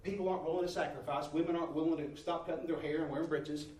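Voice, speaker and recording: A man preaching a testimony sermon, emphatic, swinging from quiet talk to near-shouting and calling his listeners brother and sister. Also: on the high side, steady tone, very fast. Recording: echoey hall from far off, faint noise.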